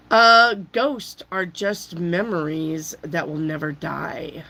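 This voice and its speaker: A woman giving a casual tarot reading while she has a cold, chatty and loose, often clearing her throat. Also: lowish voice, fairly even intonation, takes it slowly, few pauses, pushed and bright, poor audio. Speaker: tarot reader.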